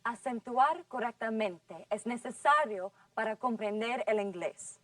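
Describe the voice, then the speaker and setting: A woman runs a scripted class in a fairly high voice, patiently drawing out each model word. She sits back from the mic, and the room sounds dry. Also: a bit bright, no room sound, recorded from a distance. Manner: patient, drawn-out model words. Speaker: English teacher.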